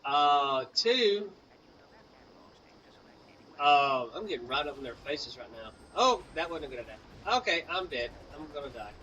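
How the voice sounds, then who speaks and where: A man's voice: on the high side, animated, unhurried, bright, forceful tone, distant mic, a little hiss or hum, poor audio. A young man from Mississippi with a Southern US accent, telling a rambling casual story while playing a video game and breaking off to react to the game. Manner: rambling, many fillers and asides to the game. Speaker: gaming channel co-host. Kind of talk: casual storytelling over gameplay.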